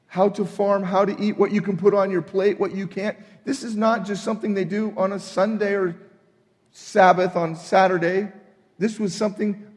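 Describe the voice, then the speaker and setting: A man preaching a sermon, emphatic and animated, acting out the people in his retelling. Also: sits high, in a large hall. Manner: emphatic, acts out voices in retelling. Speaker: pastor.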